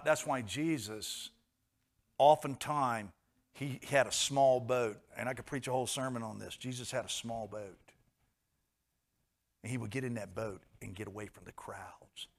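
A man preaching a sermon, swinging between hushed and loud passages and repeating phrases for emphasis. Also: mid-range voice.

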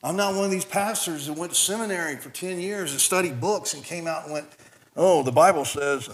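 A man preaching a sermon, animated and climbing toward near shouting at high points, with many repeated and restarted words. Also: a little fast. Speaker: pastor.

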